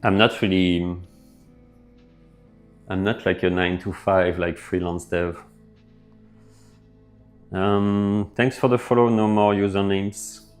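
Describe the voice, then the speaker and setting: Laid-back developer streamer, male, lowish voice, easygoing chat over faint music. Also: slow pace, pauses often. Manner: relaxed, thinks aloud with fillers, reads chat messages out. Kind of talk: casual live stream chat reading viewer comments.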